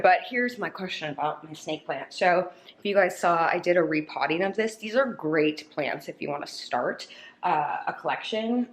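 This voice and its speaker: A woman's voice: fairly low pitch, poor audio. A woman vlogging at home to a camera on a tripod, chatty with lots of ums and likes, slightly out of breath after a workout. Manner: chatty, many fillers like um and like. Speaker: lifestyle vlogger. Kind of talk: casual vlog chat to camera.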